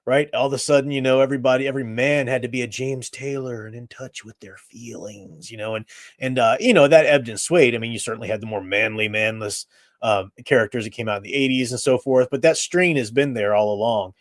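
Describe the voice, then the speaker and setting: A man's voice: mid-range voice, fairly quick, no room sound, studio quality. A middle-aged man hosting a live stream, giving his blunt opinions in casual chat and laughing at his own remarks.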